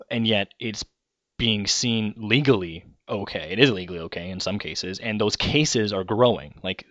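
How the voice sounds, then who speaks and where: A man's voice: sits low, a bit bright, no room sound, muffled recording. A man hosting a podcast, talking through ideas in a casual, rambling monologue and often correcting himself mid-sentence. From Canada. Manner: rambling, conversational, self-correcting. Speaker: podcast host.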